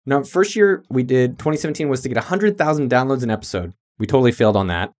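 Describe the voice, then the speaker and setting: A man's voice: mid-range voice, lively intonation, quick pace, a little mellow. A man hosting his own podcast in a hyped, jokey, casual monologue with some cussing. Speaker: podcast host.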